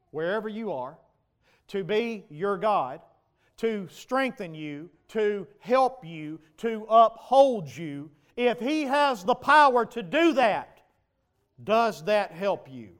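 A male pastor preaching a sermon, asking the congregation questions and building to loud, emphatic passages. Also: sits high. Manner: preaching with rhetorical questions to the congregation, rising to shouts.

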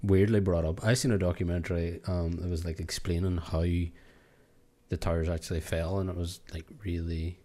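Low-voiced rambling man. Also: level tone, moderate pace, warm tone. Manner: rambling, hesitant, laughs often. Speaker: podcast co-host. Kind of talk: casual chat.

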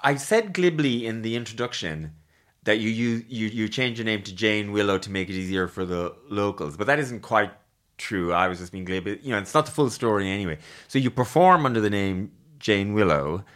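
A male host chatting with a guest in an interview, talking emphatically with animated asides. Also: fairly low pitch. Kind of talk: casual interview chat.

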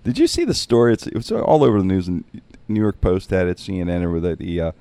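A man's voice: deep voice, fast, no echo. A man telling a funny road-trip story in casual chat, acting out the other people's voices. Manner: animated, acts out quoted voices.

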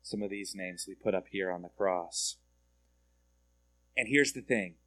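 A man's voice: low voice, unhurried, a bit bright. A man giving a conversational sermon as a pastor, often asking his listeners direct questions and repeating words as he goes.

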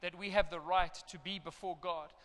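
Middle-aged male pastor, bright tenor, lively sermon storytelling, long church reverb. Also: high voice, moderate pace. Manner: animated storytelling with acted parental outbursts.

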